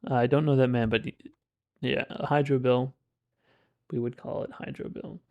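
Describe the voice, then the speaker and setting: A Western Canadian man muses aloud over clips during a live stream. His gravelly voice wanders through restarts and half-finished thoughts. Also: medium pitch, steady tone, darkish tone, muffled recording. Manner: rambling, halting, musing. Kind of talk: casual live-stream commentary.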